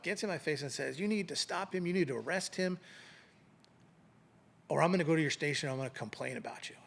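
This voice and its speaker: In a fairly high voice with vocal fry, a middle-aged former police sergeant spins an anecdote in a relaxed interview. He animates the tale by performing the voices of everyone he quotes.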